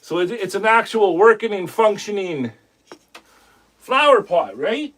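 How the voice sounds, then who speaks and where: High-voiced man chatting on a live stream. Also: sing-song, a little slow, fairly bright tone. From Canada. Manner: rambling, friendly, greets chat viewers by name. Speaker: woodcarving live-stream host. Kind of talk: casual live-stream chat.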